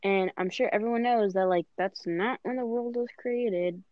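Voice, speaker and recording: A woman's voice: medium pitch, normal speed, dry recording, highs cut off. A young woman whose first language is Spanish, chatting with friends and telling stories full of fillers. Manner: chatty storyteller, filler-heavy. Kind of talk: casual chat among friends.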